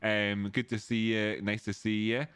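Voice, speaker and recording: A man's voice: on the low side, level tone, unhurried, fairly bright tone, clear, resonant tone, no echo, studio quality. Rambling man hosting a stream. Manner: rambling, chatty, greeting viewers by name. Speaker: live stream host. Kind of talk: casual live stream chat.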